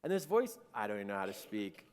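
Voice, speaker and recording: A man voicing his excited, earnest wife in a raised, breathless pitch while telling a story. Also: fast talker, clean tone. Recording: echoey hall.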